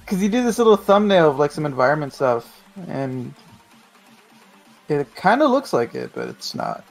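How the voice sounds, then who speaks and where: A man's voice: a little high, wildly swooping pitch, normal speed, creaky, faint music behind. Chatty man on a livestream. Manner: chatty, trailing off and hesitating. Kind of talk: casual livestream chat.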